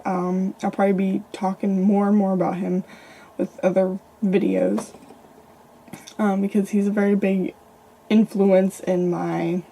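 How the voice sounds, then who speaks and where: A woman's voice: mid-range voice, vocal fry, mellow, husky. A young woman vlogger casually telling her own ghost stories, chatty and rambling with lots of fillers. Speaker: paranormal vlogger. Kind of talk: casual storytelling to camera.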